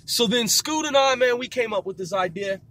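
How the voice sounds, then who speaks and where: A man from Seattle telling profane, rambling stories in a casual, animated way. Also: extremely high pitch, moderate pace. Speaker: podcast host. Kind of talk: casual storytelling.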